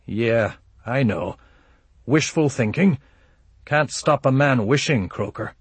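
A man's voice: mid-range voice, lively intonation, slow pace, husky, no room sound, voice pushed up, exaggerated voice. A man voicing a grumbling, complaining old mercenary wizard in an audiobook.

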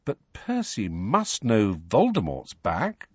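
A man's voice: mid-range voice, huge pitch swings, moderate pace, breathy edge, no echo, dull audio, voice pushed up. A man voicing a disbelieving, defensive teenage boy in an audiobook reading.

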